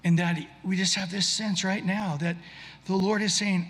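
A man's voice: high voice, level tone, moderate pace, fairly bright tone, in a large hall. A man preaching a sermon in an earnest, conversational way, often restarting his sentences. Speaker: pastor.

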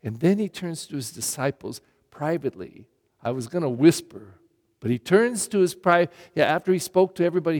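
A man's voice: a little high, a little fast, a little mellow. Blunt preaching man in a reverberant church. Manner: blunt, emphatic preaching with rhetorical questions. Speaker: pastor. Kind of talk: sermon. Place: church during Mass.

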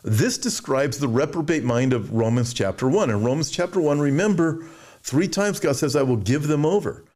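A man's voice: expressive, moderate pace, darkish tone. A man preaching a sermon, reading Bible verses and commenting emphatically, with mocking asides and frequent restarts. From United States. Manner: mimics complainers in a whiny high voice. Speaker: show host.

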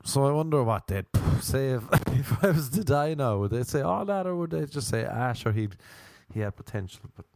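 A young man rambles through a comic monologue, circling back on himself and letting sentences trail off. His voice sits a little high with a gravelly, fry-laden edge. The sound is close and dry. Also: animated, fairly quick, few pauses, darkish tone, no room sound. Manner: rambling, meandering, repeats "sure" constantly, trails off.

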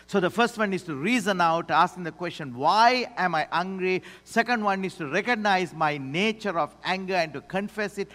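A man preaching a sermon as pastor, swinging between loud declarations and hushed asides. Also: high-pitched. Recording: long hall reverb.

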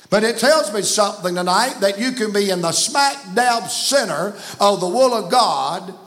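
A man's voice: high-pitched, fairly bright tone. A man with a Southern American accent preaching a folksy, emphatic sermon in a church. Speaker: guest preacher. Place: church sanctuary.

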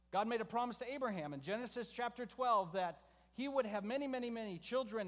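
A man preaching a verse-by-verse sermon, conversational, often asking the congregation questions and shifting his pitch for emphasis. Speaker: pastor. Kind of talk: expository sermon. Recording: reverberant hall sound.

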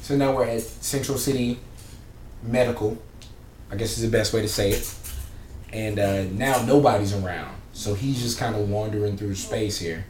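A man casually recapping a TV episode, telling it in a loose, animated way with plenty of slang. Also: fairly low pitch, normal speed. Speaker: podcast co-host recapping a TV episode. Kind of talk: casual chat. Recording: roomy, distant mic, faint background hum.

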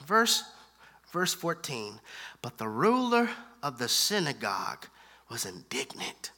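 A man preaching a sermon, animated, moving from hushed asides to loud emphatic lines and using casual slang. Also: medium pitch, moderate pace.

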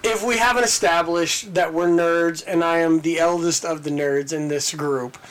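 Profane animated storyteller, man in his forties. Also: a little high, normal speed, slight background noise. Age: 40s. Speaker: podcast co-host. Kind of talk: casual storytelling chat.

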